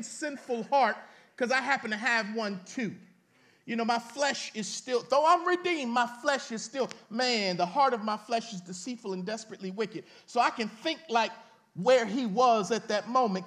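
A man with a strikingly high voice delivers a sermon. He reads scripture aloud, then talks straight to the congregation in loose, everyday words, and now and then his voice climbs into a shout. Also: normal speed. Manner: preaching with dramatic rises and shouts, reading scripture aloud; colloquial, addresses the congregation directly. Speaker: pastor.

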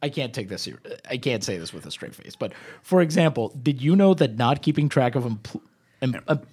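A man's voice: medium pitch, very animated, brisk, darkish tone, breathy edge. An American man co-hosting a casual comedy podcast, reading out training material with dry sarcasm and mock disbelief. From United States. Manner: sarcastic, reads items aloud with mock disbelief. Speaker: podcast co-host.

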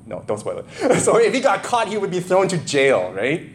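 A man's voice: high-pitched, moderate pace, slight background noise. A middle-aged man preaching a sermon, reading scripture aloud and then telling personal stories in a loose, conversational way with frequent chuckles. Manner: animated storytelling, chuckles often, loose conversational asides. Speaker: pastor.

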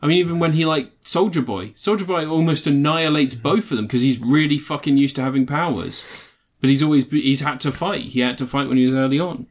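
A man's voice: a little high, fast, few pauses. A man, co-hosting a casual podcast chat, who laughs often and acts out silly voices. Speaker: podcast co-host.

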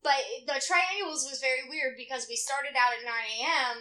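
A woman's voice: high-pitched, moderate pace, pushed and bright. A woman co-hosting a podcast in casual chat, telling stories, acting out quotes and swearing freely. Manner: chatty storyteller, acts out quotes, swears freely. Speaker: podcast co-host.

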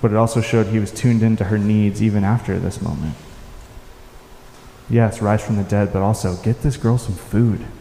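Male pastor, warm, relaxed tone, unhurried sermon delivery, reverberant hall sound. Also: lowish voice, vocal fry, slight background noise. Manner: unhurried, reflective, with soft-spoken quoted lines. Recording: echoey hall with faint ambience.

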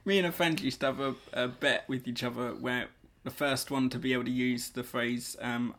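A man co-hosting a podcast in casual chat, relaxed and quick to laugh. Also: medium pitch. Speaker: podcast co-host.

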